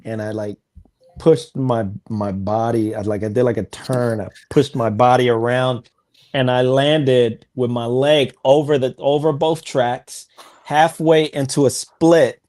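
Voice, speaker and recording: Relaxed man telling blunt stories. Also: mid-range voice, a little slow. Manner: relaxed storyteller, blunt, laughs at himself. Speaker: podcast guest, filmmaker and veteran. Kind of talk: casual interview.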